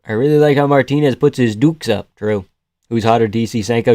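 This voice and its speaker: A man's voice: medium pitch, fairly quick, warm tone, dry recording. Joking male streamer with a dry, close sound. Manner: joking, laughs often, swears. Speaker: live streamer. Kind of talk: casual fight-night commentary, reading chat.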